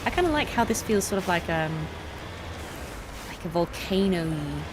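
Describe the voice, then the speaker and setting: Lady rambling over a game, lowish voice, loud game and engine noise under her. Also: big pitch swings, moderate pace. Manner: chatty, rambling, lots of fillers. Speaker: voice actor streaming a game. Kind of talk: casual let's-play commentary.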